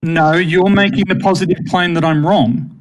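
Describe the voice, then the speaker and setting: A man's voice: sits high, steady tone, moderate pace. Insistent man arguing on voice chat. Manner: insistent, stammering restarts when pressing a point. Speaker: debate participant on voice chat. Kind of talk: heated online debate.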